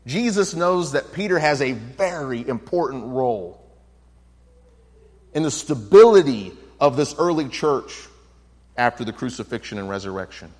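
A man's voice: mid-range voice, lively intonation, normal speed, darkish tone, long reverb tail. A man teaching a Bible study in an earnest, explanatory way, reading scripture passages aloud and commenting on them. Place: room with a projection screen.

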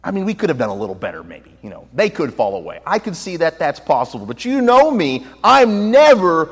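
A man's voice: fairly high pitch, big pitch swings, fairly quick, husky, in a large hall, voice pushed up, heavily acted. A man voicing an overconfident disciple in a casual, self-assured, chatty way. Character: boastful, overconfident male disciple.

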